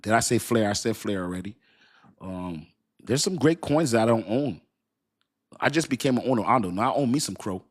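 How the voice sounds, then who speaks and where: A man in his fifties hosting a casual crypto livestream, talking in an animated, repetitive, slangy way and laughing often. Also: on the low side, fairly quick. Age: 50s. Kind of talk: casual live-stream talk.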